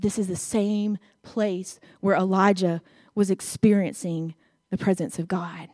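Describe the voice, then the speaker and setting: A woman's voice: medium pitch, flat delivery, moderate pace, warm tone, dry recording, studio quality. A woman preacher delivering a sermon, talking conversationally and asking her congregation direct questions.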